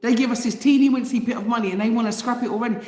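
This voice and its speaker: A woman talks straight to her viewers, reading a report and then firing off indignant rhetorical questions in a passionate casual commentary. Her voice sits fairly high, and a long reverb trails her words around an echoey room. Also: fairly even intonation, racing, dark tone. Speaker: channel host.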